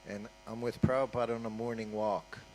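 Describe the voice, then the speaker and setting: A man's voice: on the low side, level tone, brisk, a little hiss or hum, rough recording. Older man telling stories in a talk. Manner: conversational, with frequent "you know" and "huh?" asides. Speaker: guest speaker at a temple. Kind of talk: anecdotal storytelling talk.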